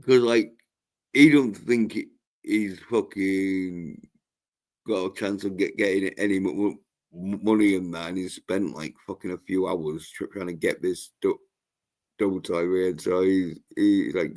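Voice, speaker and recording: Brief: male livestream host, unhurried drawl, crude and rambling. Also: sits low, fairly even intonation, darkish tone. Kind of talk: casual chat.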